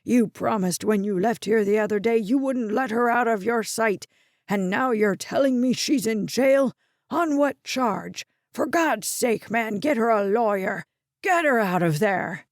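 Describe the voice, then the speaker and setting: A woman voicing an elderly grandfather in the hospital, blunt, demanding and forceful, in a slow audiobook reading. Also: medium pitch, no room sound, clean studio sound, close to an everyday voice. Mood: angry. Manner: forceful, bossy, impatient.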